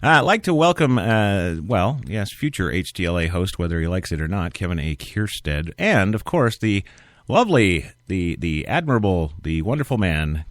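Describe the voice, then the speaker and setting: Host: man, low voice, very lively pitch, sarcastic news commentary, dry close sound. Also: normal speed, no room sound. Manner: sarcastic, rambling, animated. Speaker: radio show host. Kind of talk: internet talk radio commentary.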